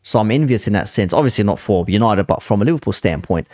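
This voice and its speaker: A man's voice: lowish voice, lively intonation, fast, darkish tone, no room sound, studio quality. A man hosting a reaction commentary, talking in an exasperated, casually swearing way. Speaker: commentary channel host.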